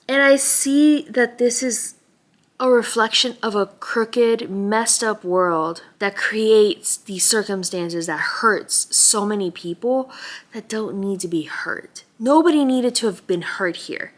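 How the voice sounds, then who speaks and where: A woman's voice: medium pitch, slow. A tired, tearful woman rambling emotionally about a book in a late-night vlog, sometimes dropping to a whisper. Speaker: book vlogger.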